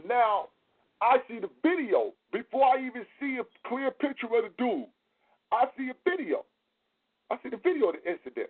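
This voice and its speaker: A man hosting a casual podcast, telling stories in a profane, animated way. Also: very high-pitched, moderate pace, husky. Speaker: host. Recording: tinny phone line.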